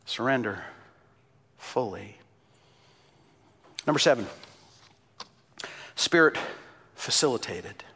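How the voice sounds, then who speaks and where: A male pastor delivering a passionate sermon, building up to loud exclamations and telling stories. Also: mid-range voice, lively intonation, slow, pauses often, husky, long reverb tail. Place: church in Canada.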